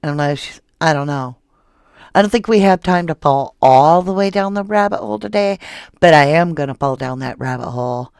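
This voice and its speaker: A woman chats casually with her viewers as she hosts a livestream, her voice low and gravelly. She turns animated and jumps up high when something excites her, and the sound is dry and close. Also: moderate pace, dry recording. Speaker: true crime livestream host. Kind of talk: casual live chat reading viewer comments.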